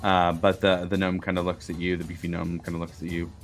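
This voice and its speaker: A man's voice: sits low, monotone, fast, soft background music. A man narrating as game master of a tabletop game, hesitant and full of fillers.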